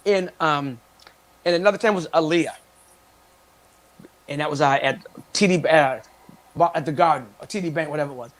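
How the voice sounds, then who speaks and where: Man, guest in a casual interview, lively storyteller, slightly high voice. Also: normal speed, pauses often. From Cape Cod, Massachusetts. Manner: animated storyteller, laughs often.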